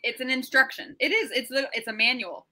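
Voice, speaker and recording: A woman's voice: high-pitched, a little fast, sharp tone, rough recording. A woman co-hosting a casual chat, loose and joking, swearing freely and tripping over her words. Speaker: podcast co-host.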